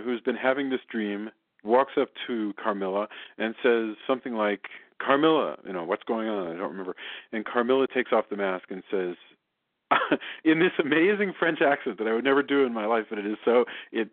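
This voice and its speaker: A man's voice: medium pitch, no echo. A man cohosting a casual film review podcast, talking enthusiastically and rambling with restarts. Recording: dry, phone-like podcast line.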